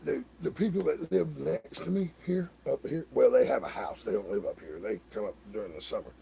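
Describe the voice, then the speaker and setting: A middle-aged man hosting a livestream, telling rambling stories in a casual, animated way, swearing and laughing as he acts out other people's lines. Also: mid-range voice, a little fast, gravelly, a little hiss or hum. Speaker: livestream host. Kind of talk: casual storytelling chat.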